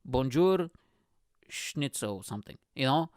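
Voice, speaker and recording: A man's voice: mid-range voice, animated, measured pace, a little mellow, clean tone, dry recording, studio quality. A man from Bulgaria, hosting a podcast in a rambling, profane comedic rant full of vocal sound effects. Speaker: podcast host.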